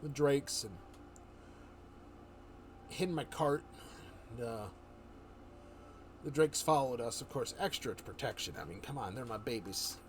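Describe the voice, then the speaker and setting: A man streaming live, telling a fantasy adventure story in a rambling, animated way, full of fillers and restarts. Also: mid-range voice, unhurried, long pauses, a little hiss or hum.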